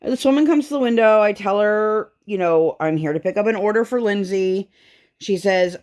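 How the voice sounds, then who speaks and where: A woman in her thirties chatting casually while she crafts, acting out the people in her story with big jumps in her voice. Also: a little fast. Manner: animated storytelling, acts out dialogue with big pitch jumps. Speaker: craft vlogger.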